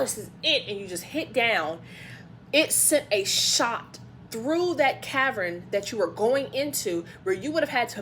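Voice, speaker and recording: A woman giving a casual tarot reading, telling a rambling, excitable story full of fillers and lost words. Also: medium pitch, a little hiss or hum. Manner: excitable, loses words mid-sentence. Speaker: intuitive tarot reader.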